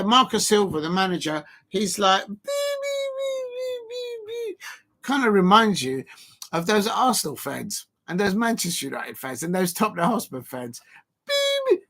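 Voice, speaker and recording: A man with a high-pitched voice hosts a live football fan stream. He talks in loose, mocking banter, taunting rivals and slipping into chant snippets and jeering sounds. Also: moderate pace, bright, forceful tone. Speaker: fan channel host.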